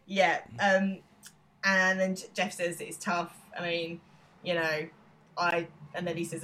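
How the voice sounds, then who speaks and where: A woman's voice: fairly low pitch, monotone, fairly bright tone. A woman co-hosting a podcast, casually recapping a TV episode and quoting the characters' lines as she goes. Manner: retells scenes with quick quoted lines and frequent laughs. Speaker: podcast co-host.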